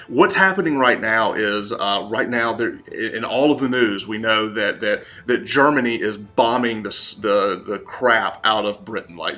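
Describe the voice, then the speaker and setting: A man's voice: lowish voice, bright, forceful tone. A man with a Southern accent, narrating as game master with a rambling manner full of fillers and restarts.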